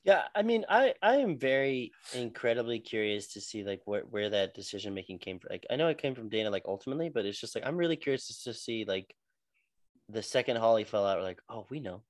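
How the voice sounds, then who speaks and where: A man's voice: mid-range voice, animated, brisk, no room sound. A young man co-hosting a podcast, chatting casually and swinging between mock exasperation and helpless laughter. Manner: exasperated, giggly, dramatic. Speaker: podcast co-host.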